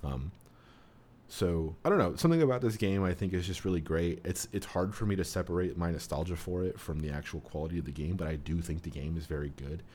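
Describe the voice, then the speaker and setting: A man's voice: low voice, fast talker, a little mellow. A man co-hosting a podcast in casual chat, rambling and amused, with lots of fillers. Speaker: podcast co-host.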